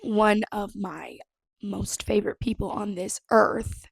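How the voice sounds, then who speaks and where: A young woman hosting her own podcast in a casual, expressive chat, swearing freely and laughing often. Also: medium pitch, takes it slowly, gravelly, breathy edge, dry recording. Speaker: podcast host.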